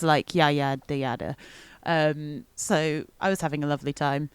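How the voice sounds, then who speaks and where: A woman's voice: sits low, steady tone, moderate pace, hardly any pauses, clean tone, no room sound. A woman co-hosting a podcast, chatting casually and laughing often as she recaps an event with many ums. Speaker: podcast co-host.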